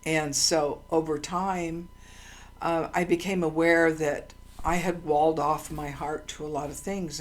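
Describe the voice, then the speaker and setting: A woman with a notably low voice tells personal stories in a relaxed monologue. She wanders from thought to thought, often pausing on ums and restarting her sentences, and she sounds sincere and heartfelt throughout. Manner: meandering, with frequent ums and restarts; earnest and heartfelt. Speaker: channel host. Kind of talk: casual personal storytelling monologue.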